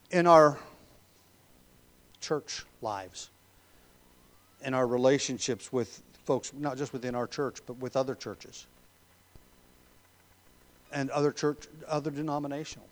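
A man preaching an expository sermon as a pastor, emphatic on key words, with frequent ums and throat clearing. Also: mid-range voice.

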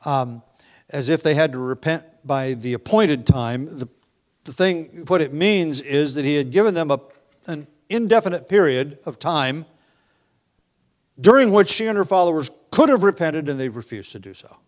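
A man's voice: a little high, lively intonation, moderate pace. Man preaching a verse-by-verse sermon. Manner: reads scripture with rising emphasis, asides with light laughs; conversational with filler ums and restarts. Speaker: pastor. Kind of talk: expository sermon.

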